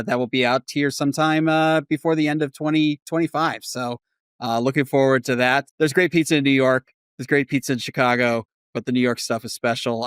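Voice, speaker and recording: A man's voice: mid-range voice, fairly bright tone, smooth, no room sound, clean studio sound. A man hosting a podcast interview, asking questions in a friendly, easygoing way. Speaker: podcast host. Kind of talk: casual interview.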